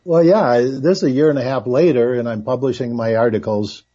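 Male guest, dark husky voice, rambling, muffled recording. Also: medium pitch, fairly quick. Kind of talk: casual talk-show conversation.

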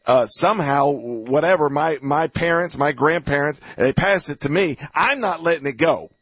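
A man's voice: a little high, moderate pace, fairly bright tone, breathy edge, no room sound. A man hosting a talk radio interview, talking in an impassioned, repetitive way that builds to heated outbursts. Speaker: radio host.

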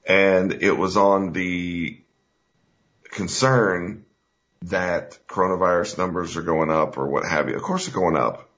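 A man's voice: sits low, fairly even intonation, a little slow, fairly bright tone. A man hosting a talk radio show, talking in an emphatic, folksy, rambling way with fillers. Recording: dull lo-fi radio recording.

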